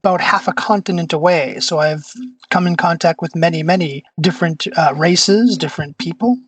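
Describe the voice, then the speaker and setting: A player answers in character, measured and hesitant, choosing evasive words. The voice is mid-pitched and dry with no room sound. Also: breathy edge, dry recording, rough recording. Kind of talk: in-character tabletop role-play.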